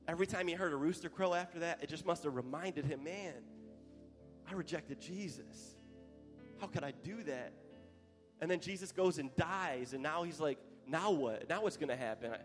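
A male pastor preaching a sermon with passion, growing louder at the climaxes. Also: on the high side. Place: church hall. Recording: live church hall with long reverb and soft music.

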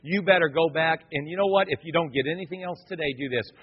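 Husky-voiced pastor preaching in a hall. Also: male voice, a little high, fast talker. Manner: lively preaching with casual slang and acted-out quotes. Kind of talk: sermon. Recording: reverberant, dull lo-fi sound.

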